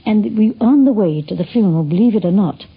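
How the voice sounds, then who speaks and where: Older woman, gravelly rasp, chatty recollection; dull 1950s broadcast sound. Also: mid-range voice, lively intonation, quick pace. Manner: gravelly, husky, chatty with asides. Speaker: interviewee reminiscing. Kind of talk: spoken recollection. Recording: lo-fi 1950s radio recording.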